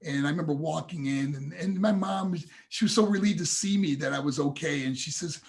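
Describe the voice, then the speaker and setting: With a creaky voice that runs on the high side and a slightly quick pace, a motivational speaker recounts a personal story as a podcast guest over video call. He's earnest and emotional, calling the hosts "guys."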